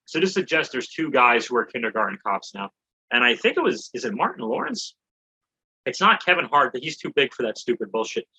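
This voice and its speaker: A man's voice: mid-range voice, very animated, a little fast, pushed and bright, breathy edge, low-quality recording. A man co-hosting a comedy podcast, recapping a movie in a rambling, joking way with some swearing. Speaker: podcast co-host. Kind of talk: casual comedy podcast chat.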